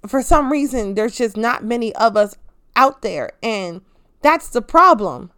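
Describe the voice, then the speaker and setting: A woman delivers an impassioned, profanity-laced rant as a show host. Her slightly high voice leaps even higher when she's angry, then drops low and quiet when she turns sarcastic. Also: a little slow, clean tone. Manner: heated, profane, swings loud and pitch-jumping.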